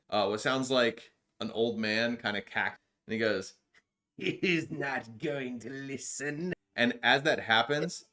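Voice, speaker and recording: Low-key man running a tabletop game. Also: a bit bright, slight background noise. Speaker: game master. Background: background music.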